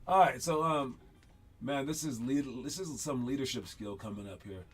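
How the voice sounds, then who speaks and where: A man hosting a basketball show, talking casually over game clips and coaching young players in an animated, rambling way with frequent laughs. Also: medium pitch, normal speed, husky, faint music behind.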